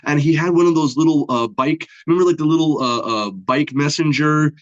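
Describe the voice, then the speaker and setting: A man, a comic book artist being interviewed, telling his story in a rambling, animated way with many fillers and restarts, acting out the other people in it. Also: fairly high pitch, brisk, dull audio.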